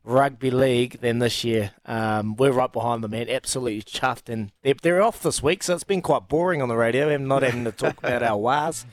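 A man's voice: medium pitch, a little fast, few pauses, dry recording. Chatty New Zealand man on sports radio. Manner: chatty, enthusiastic, restarts sentences often. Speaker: radio guest, former rugby player. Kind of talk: casual sports radio chat.

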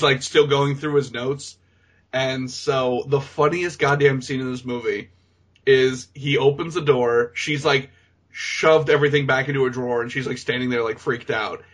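A man's voice: mid-range voice, a bit bright. A man co-hosting a podcast who animatedly recaps a film, laughing often and acting out the characters. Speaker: podcast co-host. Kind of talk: casual movie recap chat.

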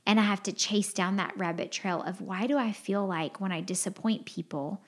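A woman's voice: mid-range voice, normal speed, slightly rough. A woman hosting a podcast, sharing personal feelings in an earnest, rambling, heartfelt way with lots of fillers. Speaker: podcast host. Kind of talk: candid confessional podcast chat.

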